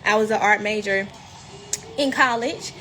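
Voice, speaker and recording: A woman's voice: mid-range voice, a little slow, a bit bright, a little hiss or hum. A woman with a Mississippi Southern accent chatting frankly on a phone livestream from home, swearing freely. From rural Mississippi, US. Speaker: reality TV cast member. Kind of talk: casual livestream chat.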